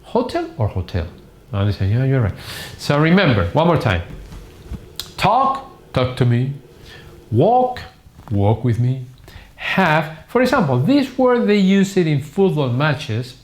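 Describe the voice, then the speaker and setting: Lively middle-aged Spanish-speaking male teacher. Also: medium pitch, moderate pace. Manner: lively, emphatic, repeats words for drilling. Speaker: English teacher. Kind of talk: live online English lesson. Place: classroom with whiteboard.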